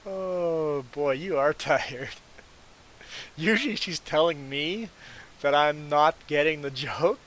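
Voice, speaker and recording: A man hosts a casual gaming livestream, chatting with viewers in a slow, somewhat bright voice on the high side, captured in poor audio. He laughs often and stumbles through restarts while explaining things.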